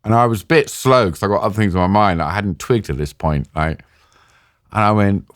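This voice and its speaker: A middle-aged man, telling an animated story as an interview guest and acting out the voices in it with big pitch jumps. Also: fast, dry recording, studio quality. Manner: lively, acts out dialogue with pitch jumps, laughs while telling.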